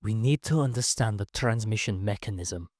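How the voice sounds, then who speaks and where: A man voicing an excited, urgent male scientist in a sci-fi story. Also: on the low side, moderate pace, dry recording, studio quality, close to an everyday voice.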